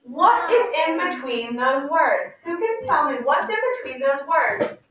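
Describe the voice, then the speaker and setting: A woman teacher leading a class with call-and-response questions, slowing down to stress key words. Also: sits high, animated, fairly bright tone. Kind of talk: classroom instruction. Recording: echoey room, mic far off, faint noise.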